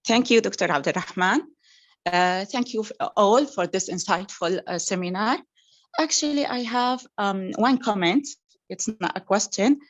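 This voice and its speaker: A woman's voice: mid-range voice, moderate pace. Woman on a muffled call. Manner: hesitant, many fillers. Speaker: audience member commenting. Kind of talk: academic comment in an online seminar. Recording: muffled lo-fi video call audio.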